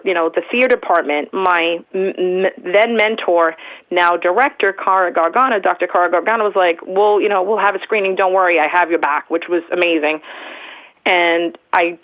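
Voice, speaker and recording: A woman's voice: fairly low pitch, muffled recording. Chatty, rambling woman in her fifties. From Long Island, New York. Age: 50s. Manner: rambling, full of restarts and "like", animated when moved. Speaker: guest, film producer. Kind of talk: casual conversation.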